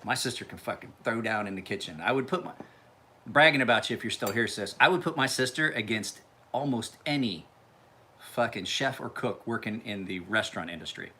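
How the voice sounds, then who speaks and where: A man's voice: on the low side, animated, brisk, pushed and bright, slight background noise. A man hosting a casual live stream, rambling, laughing often and swearing freely.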